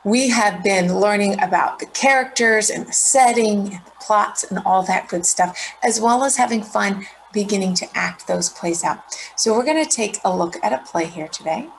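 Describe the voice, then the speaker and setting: A middle-aged woman teacher giving a recorded lesson, explaining clearly and checking in with students. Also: mid-range voice, moderate pace, a little hiss or hum, low-quality recording.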